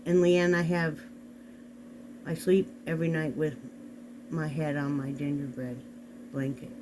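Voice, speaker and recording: A man's voice: on the high side, little pitch movement, unhurried, background noise. A man chatting casually to his viewers from a home bedroom, rambling and talking straight to the camera. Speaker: vlog host. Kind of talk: casual chat. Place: home bedroom, sitting on the bed. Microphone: camera on a desk.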